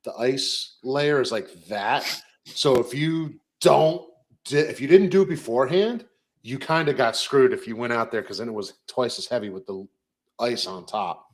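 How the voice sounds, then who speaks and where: A young man co-hosting a podcast, chatting casually in a relaxed, rambling way with many fillers. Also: medium pitch, normal speed. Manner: easygoing, rambling recaps with fillers. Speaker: podcast co-host.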